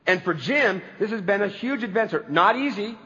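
A man with a high, bright-toned voice delivers a church sermon, moving from earnest storytelling into emphatic, rising declarations. His voice rings with a long hall reverb, as if in a church sanctuary, and the recording sounds a little dull and lo-fi. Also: animated, normal speed. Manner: earnest storytelling preacher, building to emphatic climaxes. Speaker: pastor.

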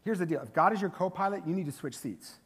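A man's voice: high voice, quick pace, breathy edge. A man preaching as a pastor in a casual, humorous style with conversational asides. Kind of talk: sermon.

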